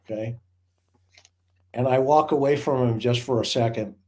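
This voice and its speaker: A man with a warm, mellow voice tells a long story in casual conversation. He rambles and restarts, piling on vivid detail. His pitch sits in an ordinary middle range. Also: moderate pace. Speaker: former hostage negotiator. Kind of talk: casual anecdote telling.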